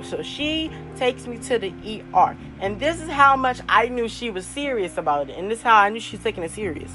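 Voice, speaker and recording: A woman's voice: fairly high pitch, animated, moderate pace, few pauses, over music, poor audio. A young woman hosting her own podcast, telling a personal story in a casual, chatty way with frequent laughs and fillers. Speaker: podcast host.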